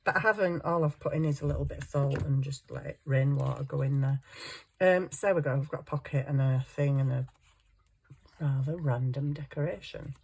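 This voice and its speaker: A woman's voice: low-pitched, moderate pace, gravelly, a little mellow, slight background noise. A woman chatting casually to viewers and herself as she works on a wire craft project. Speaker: craft vlogger. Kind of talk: casual chat while crafting.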